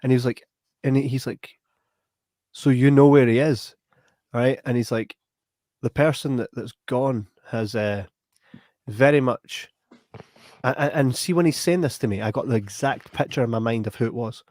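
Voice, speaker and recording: A young Scottish man hosts a podcast, spinning a long, rambling story in a casual, animated way and tacking "right?" onto his sentences again and again. His voice sits in the mid-range at a moderate pace, recorded dry with studio quality.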